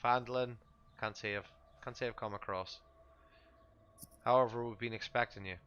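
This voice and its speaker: A man's voice: medium pitch, steady tone, moderate pace, fairly bright tone, smooth, muffled recording, voice pushed up, natural voice. A man voicing a friendly male Vistani traveller with a folksy, deferential way of talking. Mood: welcoming.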